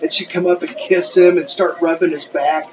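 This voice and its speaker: A man's voice: on the high side, fairly even intonation, normal speed. A man co-hosting a podcast, telling rambling, profane stories in casual chat. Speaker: podcast co-host. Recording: dull lo-fi sound with faint noise.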